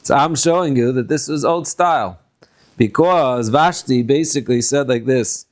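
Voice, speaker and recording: A man, a rabbi, giving a conversational Torah lecture. He sprinkles in Yiddish and Hebrew terms and acts out quotes with sudden high bursts. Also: moderate pace.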